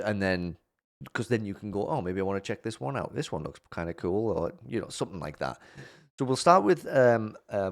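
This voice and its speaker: A man hosting his own channel in casual chat, gushing and rambling with many restarts. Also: fairly low pitch. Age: adult parent of a twelve-year-old. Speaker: object show reviewer and host.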